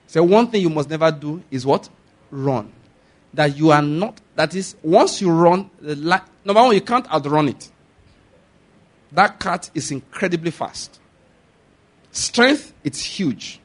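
Man, pastor, sermon, high voice, rhetorical questions. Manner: repeats rhetorical questions to the congregation.

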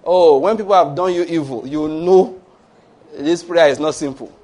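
Deep in a sermon, a Nigerian pastor speaking Nigerian English tells stories and slips into his characters' voices, now and then erupting into loud, shouted mock prayers. His voice is high for a man, and he speaks at normal speed.

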